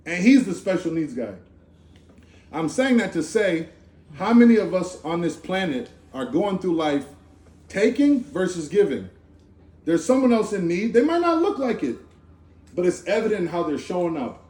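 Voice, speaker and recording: Male preacher with a high voice, slangy and conversational, informal sermon at a gathering. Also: moderate pace. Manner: animated, conversational, slangy with asides. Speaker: speaker giving a Torah talk. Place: Sukkot gathering in a room. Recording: echoey room.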